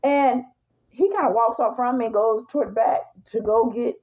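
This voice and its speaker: A woman telling a personal story in a blunt, animated, casual way, talking straight to her viewers. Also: fairly high pitch, moderate pace, highs cut off.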